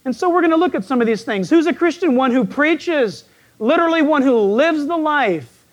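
A man with a croaky, frog-like voice, preaching a folksy sermon as a pastor who jokes and asks his listeners questions. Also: very high-pitched, expressive, normal speed.

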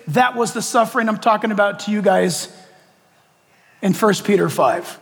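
Male pastor, dramatic sermon, high voice, church hall reverb. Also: normal speed, a bit bright, husky. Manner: dramatic storytelling with direct questions to the congregation.

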